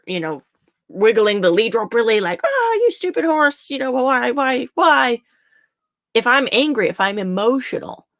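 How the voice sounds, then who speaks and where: A woman's voice: medium pitch, fairly bright tone, dry recording, clean studio sound. A young adult woman horse riding coach giving casual teaching talk, chatty and repeating her points for emphasis.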